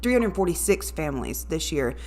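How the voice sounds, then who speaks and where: Lady radio host type, 30s, chatty and bubbly, kinda low voice. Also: very animated, a little fast, a little mellow, slight background noise. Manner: upbeat, chatty, talks to viewers directly. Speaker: radio voice talent and morning show co-host, guest. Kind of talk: casual interview chat.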